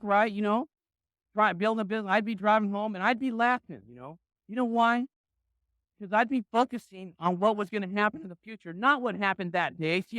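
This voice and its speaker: High, clear-voiced older man, blunt. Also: fairly bright tone, no room sound. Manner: blunt, punchy, peppers lines with "right?". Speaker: business leader giving a motivational talk. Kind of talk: motivational talk.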